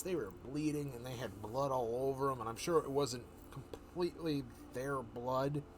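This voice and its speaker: A man on a livestream telling a story in a loose, rambling way, often correcting himself and slipping into quick voices for the characters. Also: mid-range voice, slight background noise. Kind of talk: casual storytelling chat.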